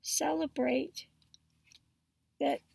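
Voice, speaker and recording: A woman tarot reader talking casually and spiritually to her viewers, slow and halting with many pauses and fillers. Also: sits high, fairly even intonation, vocal fry, a little mellow, no room sound, far from the mic. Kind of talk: casual spiritual talk to camera.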